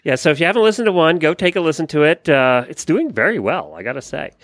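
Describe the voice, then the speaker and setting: A chatty podcast co-host with a lively voice that jumps around in pitch and laughs easily. The sound is close and dry, with no room around it. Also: quick pace, no room sound. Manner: laughs often, chatty and loose. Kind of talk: casual chat.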